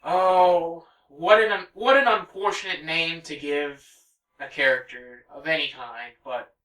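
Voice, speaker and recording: Bright, chatty let's play host. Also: mid-range voice, reverberant, distant mic, poor audio. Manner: chatty, rambling, wanders off on tangents. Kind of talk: casual gameplay commentary.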